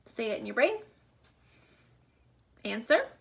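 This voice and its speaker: Slow, high-voiced woman teacher. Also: very animated. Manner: slow, clear, drawn-out teacher delivery. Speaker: elementary school teacher. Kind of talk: remote class video lesson.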